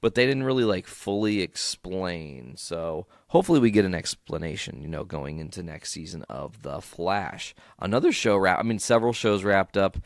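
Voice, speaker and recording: A tired man hosts a solo podcast recap with a low voice. He talks in a casual, rambling way and swears freely. The sound is dry and close. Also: expressive, moderate pace, hardly any pauses, dry recording. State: yawning, tired. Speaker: podcast host.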